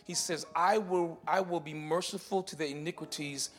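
A man delivers a sermon in a church with a notably high voice. He swings between quiet, careful explanation and loud, urgent declarations, often repeating words as he works through a point. Faint music runs behind him. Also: steady tone, moderate pace. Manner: shifts from shouted declarations to quiet teaching. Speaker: pastor. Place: church sanctuary.

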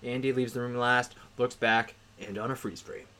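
A man's voice: mid-range voice, normal speed. A man co-hosting a podcast, retelling a film's plot in casual chat, often laughing. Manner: laughing, animated retelling with acted quotes. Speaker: podcast co-host. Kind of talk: casual movie recap chat.

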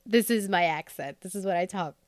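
A woman's voice: on the low side, fairly quick, no echo, clean studio sound. A woman co-hosting a podcast in casual, upbeat chat, speaking with an American accent and laughing often. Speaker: podcast co-host.

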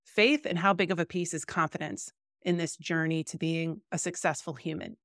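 A woman hosting a casual interview, asking calm, measured questions. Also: low voice, no room sound, clean studio sound. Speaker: interview host.

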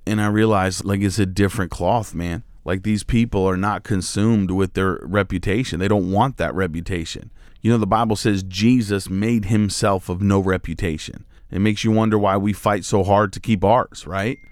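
A man's voice: deep voice, steady tone, moderate pace, no echo, clean studio sound. A male pastor giving a devotional sermon in a casual, conversational way, with lots of filler words.

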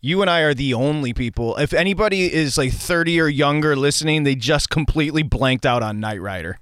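A man hosts a podcast with brisk, teasing banter. His voice sits slightly high. The sound is dry and close, with no room echo. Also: animated, a bit bright, clear, resonant tone. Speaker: podcast host.

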